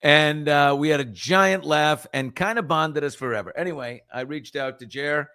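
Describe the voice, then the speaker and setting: A middle-aged man from New York with a New York accent, hosting a morning chat show and telling stories in an animated, casual way. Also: fairly high pitch, normal speed, clear, resonant tone, no room sound, studio quality. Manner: animated storyteller, reads viewer comments aloud.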